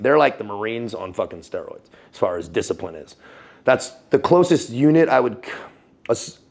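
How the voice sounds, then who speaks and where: An American man in a casual interview, telling military stories in an animated, profane way, laughing often and calling the listener dude. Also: fairly low pitch. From United States. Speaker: guest, former Navy SEAL and Foreign Legionnaire.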